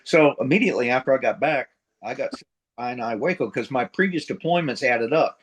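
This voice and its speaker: A man's voice: mid-range voice, fairly quick, slightly rough. An older man, a retired Marine from middle America, telling war and service stories in a blunt, profane, casual way as an interview guest. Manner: blunt, profane, acts out quoted dialogue.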